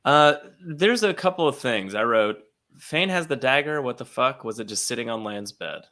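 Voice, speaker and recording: A man co-hosting a casual podcast, swinging his pitch up and down as he talks. His voice is bright and forward, and his delivery is animated and profane, with frequent laughs. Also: moderate pace. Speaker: podcast co-host.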